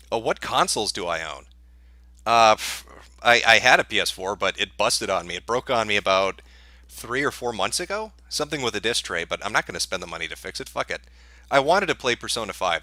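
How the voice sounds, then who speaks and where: A man's voice: lowish voice, pushed and bright, dry recording. A man answering viewer questions on a livestream in a sarcastic, profane, dismissive rant.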